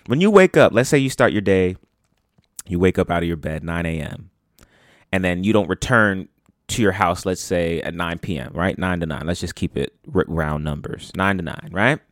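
A man's voice: sits low, moderate pace, no echo, studio quality. Rambling young New man. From New York City. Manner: rambling, animated, slangy, full of "like" and "bruh". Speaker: podcast host. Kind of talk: casual solo podcast talk.

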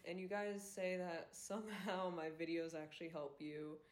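A woman's voice: on the low side, level tone, normal speed. A young woman hosting a solo podcast, talking candidly and rambling with many fillers. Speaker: podcast host and influencer. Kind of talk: casual solo podcast monologue. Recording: roomy echo.

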